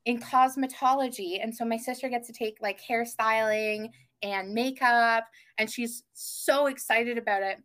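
A young woman guesting on a podcast, telling family stories in casual chat with lively gasps. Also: on the high side, unhurried, hardly any pauses. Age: young adult. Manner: animated storyteller, gasps and mimics family voices.

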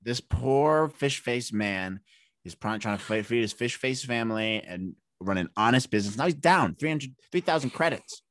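A playful man riffs through a relaxed podcast conversation, his voice leaping up whenever he gets excited and breaking into laughter. The sound is close and dry, with no room around it. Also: mid-range voice, normal speed, dry recording. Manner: joking, animated, jumps into silly voices and laughs. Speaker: podcast co-host. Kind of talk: casual chat.

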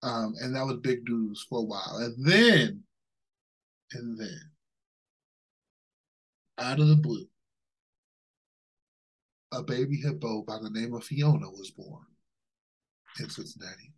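A man's voice: mid-range voice, takes it slowly, pauses often, husky, rough recording. A man co-hosting a podcast, ranting in casual chat with plenty of swearing and laughter. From Ohio, USA. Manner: animated, ranting, laughs often, swears freely. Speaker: podcast co-host.

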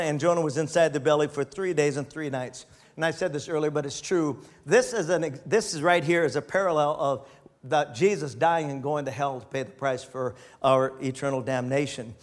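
Male preacher with a high voice who reads scripture, then stops to comment and chuckle. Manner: reads aloud then breaks off to comment, laughing often. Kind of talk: sermon reading and commenting on scripture.

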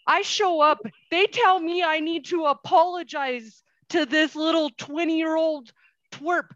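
High-voiced woman in her forties. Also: measured pace, no room sound. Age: 40s. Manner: animated storytelling with quoted exchanges. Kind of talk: casual conversation. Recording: dull lo-fi sound.

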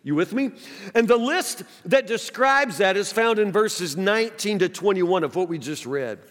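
A male pastor with a notably high voice preaches in a conversational way, stumbling over the first sounds of words and checking in with his listeners. His voice rings out with a long reverb trail, as in a large church sanctuary. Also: expressive, moderate pace, a bit bright. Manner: conversational preaching with frequent restarts and direct questions to the congregation. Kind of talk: sermon.

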